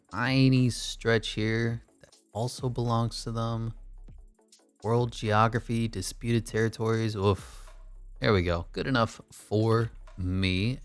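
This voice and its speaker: A man's voice: on the low side, dry recording. A young man giving casual, joking play-by-play commentary on a basketball video game, rattling off player stats. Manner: jokey play-by-play with quick stat rundowns. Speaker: gaming YouTuber.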